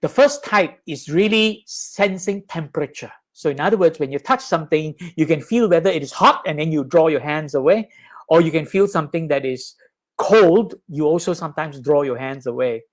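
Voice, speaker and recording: A man teaching in a live Dhamma talk, conversational and animated, often checking in with his listeners. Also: normal speed. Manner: animated, acts out high and low sounds with his voice. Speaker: Buddhist teacher.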